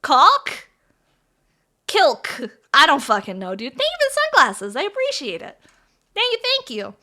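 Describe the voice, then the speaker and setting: High bright-voiced giggly woman streamer. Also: wildly swooping pitch, a little slow. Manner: giggly, profane, playful banter with chat. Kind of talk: casual livestream chat while building model kits.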